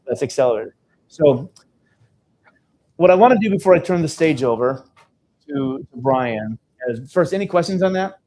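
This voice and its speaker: A man's voice: a little high, dark tone, rough recording. A man speaking on stage at a live seminar, telling stories in a conversational way and often checking in with "okay?". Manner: conversational storytelling, frequent "okay?" check-ins. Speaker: seminar speaker and business coach. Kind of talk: live sales seminar talk.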